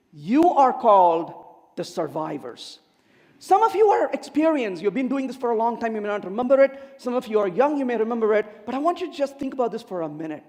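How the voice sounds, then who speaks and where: A man giving a humorous conference talk on code, theatrical and animated, asking the audience questions. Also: very high-pitched. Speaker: conference speaker. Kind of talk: humorous technical keynote. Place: large conference hall. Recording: long hall reverb.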